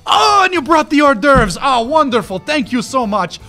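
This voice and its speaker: A man's voice: very high voice, big pitch swings, normal speed, creaky, pushed and bright, faint music behind, pitched above the performer's own voice, heavily acted. A man voicing a flamboyant, gracious male drow crime boss who speaks in an effusive, fawning way.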